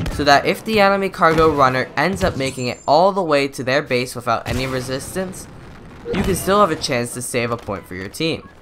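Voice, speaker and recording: A young man reading a methodical, scripted gameplay tutorial voice-over into a close microphone. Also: medium pitch. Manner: methodical, instructive. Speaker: gaming YouTuber.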